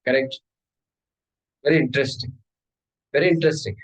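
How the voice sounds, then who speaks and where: Man teaching with lively questions. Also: mid-range voice, brisk, rough recording. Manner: questioning, animated. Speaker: spiritual teacher. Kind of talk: Vedanta discourse.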